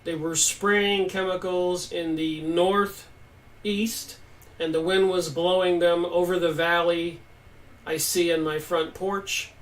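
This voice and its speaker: High-voiced man hosting a live stream. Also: little pitch movement, slow pace. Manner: emphatic, reads viewer comments aloud and answers them. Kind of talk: casual live stream commentary. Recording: voice distant from the mic.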